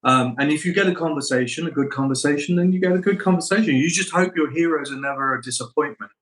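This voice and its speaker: A man's voice: on the high side, fast talker, rough recording. Middle-aged male actor, interview guest, storyteller who acts out voices. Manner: animated anecdotes, acts out quoted voices.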